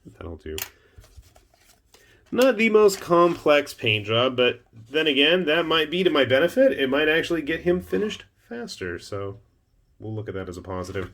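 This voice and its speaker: A man hosting his own miniatures channel, chatting casually as he unboxes and builds a model, with wry asides and a bit of self-deprecating humour. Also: mid-range voice. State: hiccuping. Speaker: miniatures hobby channel host.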